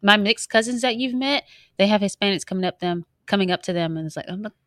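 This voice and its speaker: A young woman co-hosting a podcast, telling stories in a lively, joking way with a lot of laughter. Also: medium pitch, quick pace, no echo, studio quality. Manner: animated, laughing, joking storyteller. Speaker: podcast co-host. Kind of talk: casual banter.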